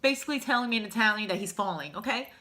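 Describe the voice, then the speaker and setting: A woman's voice: mid-range voice, expressive, rapid-fire, sharp tone. A woman vlogger telling a personal story to camera in a candid, emotional, rambling way. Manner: emotional, heartfelt, rambling with fillers.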